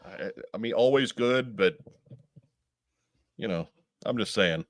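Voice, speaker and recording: A man with a fairly low voice joins in casual podcast banter, stopping and restarting his sentences. The sound is dry and close, with no room around it. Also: dry recording. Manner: halting, restarts with repeated words. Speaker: podcast co-host.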